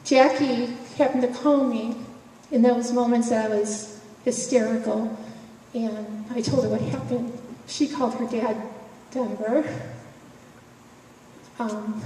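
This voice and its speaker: A woman's voice: fairly high pitch, a little slow, pauses often, mellow. A woman giving a personal testimony at an event, emotional and conversational, often laughing between phrases. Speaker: speaker sharing a personal story. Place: event hall. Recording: echoey hall, voice from far off, faint noise.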